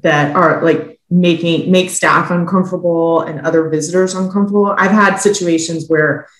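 A woman's voice: lowish voice, fairly even intonation, moderate pace, roomy sound. A woman hosting an interview, who works at historic sites and talks casually about visitors, giving brief supportive reactions. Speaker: interview host, historic site staff. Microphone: remote video call.

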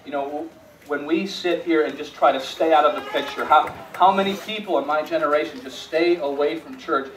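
A male pastor preaching a sermon in a church sanctuary, with a fairly high voice. He moves between quiet storytelling and rising, emphatic calls, and often repeats words as he restarts a phrase. The sound is echoey and a little distant, with a faint hiss behind. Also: moderate pace. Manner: swings from hushed storytelling to rising emphatic appeals.

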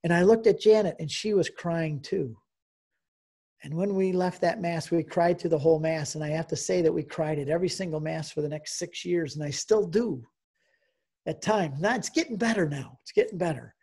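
A man's voice: on the high side, moderate pace, a little mellow, breathy edge. A man in his sixties giving an emotional personal testimony as a guest speaker, telling his story and acting out the dialogue.

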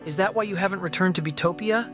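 A man voicing a brave and kind young male bee in an animated storybook, friendly and earnest. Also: high-pitched, fast talker, soft background music.

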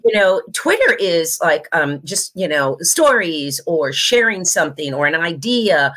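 Appearing as a guest in a relaxed interview, this American actress talks in an unhurried, fairly low voice. She's lively and quick to laugh, and she imitates people's voices when quoting them.

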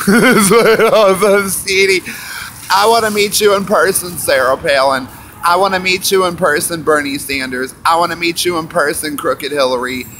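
A man's voice: a little high, normal speed, bright, forceful tone, slight background noise. A man on a busy city street delivering an angry, profane, repetitive rant to the camera.

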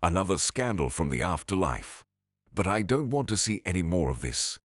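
A man's voice: deep voice, big pitch swings, normal speed, slightly rough, no echo, clean studio sound, exaggerated voice. Man reading as a cold, dismissive husband. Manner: curt, dismissive. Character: cold controlling rich husband. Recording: faint music behind.

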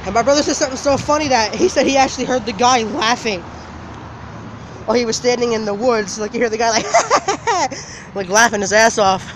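A man casually telling a story for his vlog outdoors, animated and laughing, swearing now and then. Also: extremely high pitch, fast. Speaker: vlogger. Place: outdoors, walking in the open. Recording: outdoor noise from traffic.

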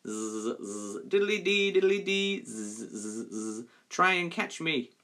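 A male teacher voicing a tiny, cocky male gnat with a high, squeaky, teasing voice in a storybook reading. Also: expressive, normal speed, sharp tone.

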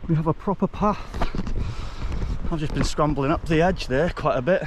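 A Welsh man with a slightly high voice, chatting breathlessly to his viewers as he climbs. He talks casually into a camera mic on an open mountainside, and clear wind noise runs under his voice. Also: moderate pace. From Wales. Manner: chatty, addresses viewers as folks. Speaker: hiking vlogger. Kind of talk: casual outdoor vlog narration. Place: outdoors on a windy mountainside. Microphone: camera mic while hiking.

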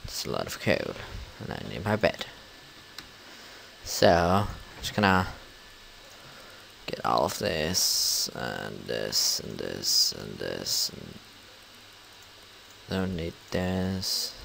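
A young man giving rambling, casual let's-play commentary as a gaming channel host, full of fillers and breaking into sudden loud yells. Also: rumbling low, very animated, slow pace, vocal fry, pauses often, a little hiss or hum.

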